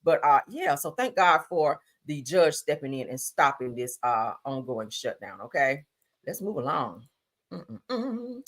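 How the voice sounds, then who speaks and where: A woman hosting a livestream, giving sassy, animated commentary on news and gossip, swearing freely and calling listeners honey. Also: deep voice, unhurried. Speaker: livestream host.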